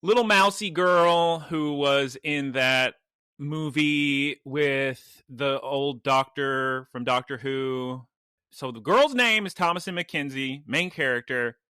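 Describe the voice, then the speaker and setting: Podcast co-host, male, animated storyteller, bright and lively, dry close sound. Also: mid-range voice, slow pace, clean tone, no echo. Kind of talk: casual chat.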